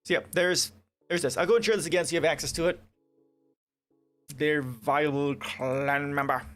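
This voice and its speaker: A man's voice: on the high side, racing, a bit bright, faint music behind. A man hosting a casual political livestream, reading articles aloud and breaking off into sarcastic, profane rants. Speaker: livestream host. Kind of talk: casual political commentary stream.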